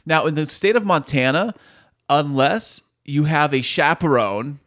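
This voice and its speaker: A man's voice: fairly high pitch, animated, unhurried, a bit bright, slight background noise. Joking man co-hosting a podcast. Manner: jokey, rambling, reads items aloud. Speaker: podcast co-host. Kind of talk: casual comedic chat. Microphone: studio mic.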